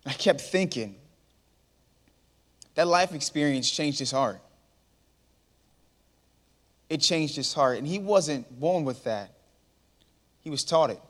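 Man in his thirties, animated speaker working a crowd, fairly high voice, long hall echo. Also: slow pace, long pauses. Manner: lively storyteller, calls out to the crowd. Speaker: motivational speaker. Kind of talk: storytelling talk to a live audience. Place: large hall before an audience.

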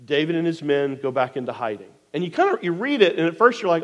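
A man preaching a sermon, retelling a scripture story in an animated way, sometimes dropping to near quiet. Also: a little high, fast, in a large hall. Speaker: pastor.

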